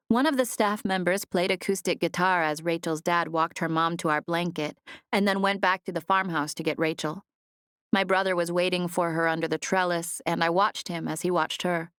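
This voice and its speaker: A woman reading a novel aloud in first person, in a measured storytelling manner, on a close studio mic. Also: lowish voice, a bit bright, clean tone, no room sound. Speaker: audiobook narrator. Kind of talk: scripted first-person narration.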